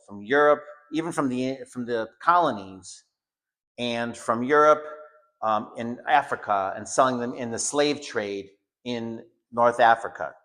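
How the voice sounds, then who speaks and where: A man's voice: medium pitch, fairly bright tone. A man giving an informal home school lecture, blunt and emphatic, often repeating phrases for stress.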